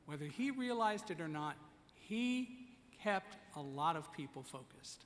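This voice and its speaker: Male keynote storyteller, high and bright, direct and commanding, reverberant hall. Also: animated, unhurried. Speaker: keynote speaker. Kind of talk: storytelling speech to an audience. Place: conference hall. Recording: echoey conference hall.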